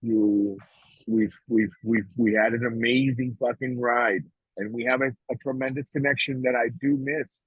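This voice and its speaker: A man's voice: medium pitch, steady tone, moderate pace, slightly rough, dry recording. A man talking casually on a podcast, blunt and profane, often emotional and restarting his sentences. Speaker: podcast co-host. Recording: dry, tinny phone-like sound.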